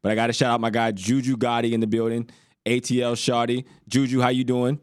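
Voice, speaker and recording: A man's voice: medium pitch, flat delivery, fast, no echo, clean studio sound. An American man hosting a casual sports podcast, teasing his guests and laughing often. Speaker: podcast host. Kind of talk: casual chat.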